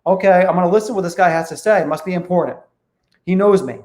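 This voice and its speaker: A man's voice: sits high, fast, darkish tone, natural voice. A man voicing the thoughts of a homeowner who gets a sales call, in an echoey room. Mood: musing. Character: surprised homeowner taking a call, adult man.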